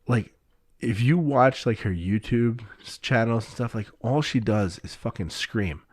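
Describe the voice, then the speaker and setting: Blunt, animated New Jersey man, dry sound. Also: medium pitch, measured pace, breathy edge, dry recording. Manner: animated storyteller, blunt and swears freely. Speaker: podcast guest. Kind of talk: casual chat.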